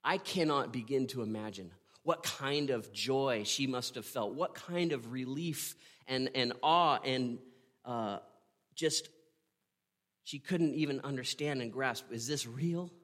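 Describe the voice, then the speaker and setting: A man's voice: mid-range voice, fairly bright tone. Earnest man preaching a sermon. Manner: earnest storytelling, dramatic pauses, asks the listener "right?". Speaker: pastor.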